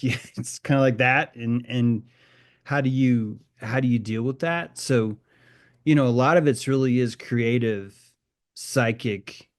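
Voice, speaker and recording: A man of middle pitch muses aloud in a reflective group discussion, circling his point with restarts. His speech is loose and casual, with easy profanity. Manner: rambling, musing, swears casually, restarts often.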